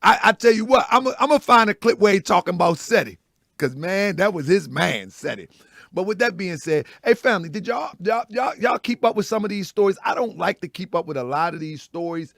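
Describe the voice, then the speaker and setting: Raspy dude hosting a morning show, high gravelly voice, talks loud and lively. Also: male voice, a little fast, dry recording, studio quality. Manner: loud, animated storytelling with laughs. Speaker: host. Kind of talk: casual morning show talk.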